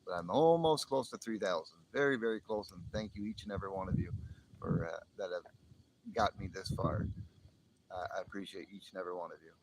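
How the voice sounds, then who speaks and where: A brisk, low-voiced man hosts a live stream with casual rambling, frequent chuckles and restarted sentences. He's from the northern United States near the Canadian border, and the rough recording has a little hiss or hum.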